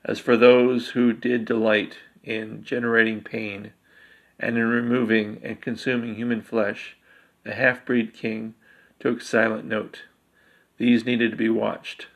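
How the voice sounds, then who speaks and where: A man reading a dark fantasy story aloud, steady, with occasional slips he corrects. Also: lowish voice. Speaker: narrator.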